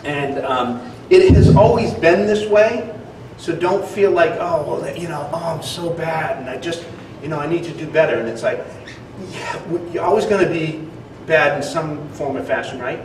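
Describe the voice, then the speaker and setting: A man pastor preaches in a loose, conversational way, full of ums and asides. His voice sits a bit high for a man. He is heard from a distance in an echoey church hall with faint room noise. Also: moderate pace. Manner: casual, conversational preaching with frequent fillers. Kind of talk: sermon.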